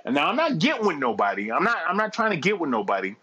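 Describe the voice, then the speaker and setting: A middle-aged man spins a rambling, profane story in loose conversation. His voice is bright and forceful, sitting a little high for a man, and he drives the tale with animated energy. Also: fast talker, lo-fi sound. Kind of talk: casual anecdote telling.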